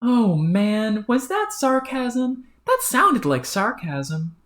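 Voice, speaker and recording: A woman's voice: fairly high pitch, sing-song, takes it slowly, pitched above the performer's own voice. A woman voicing a bratty, scheming young female troll who talks in a smug, bossy, sarcastic way, in a roomy-sounding recording. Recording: roomy echo.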